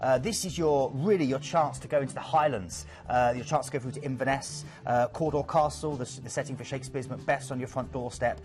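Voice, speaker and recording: A man from the UK with a lively, chatty manner, presenting cruise destinations as a sales host and joking about himself. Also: medium pitch, fairly quick, few pauses, soft background music. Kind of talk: enthusiastic sales pitch.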